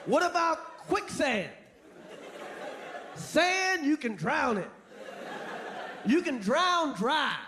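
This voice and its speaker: A man doing a stand-up routine on a club stage, profane and animated, shouting his punchlines over a laughing crowd. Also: very high voice, very slow, long pauses. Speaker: stand-up comedian. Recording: live crowd laughter and noise.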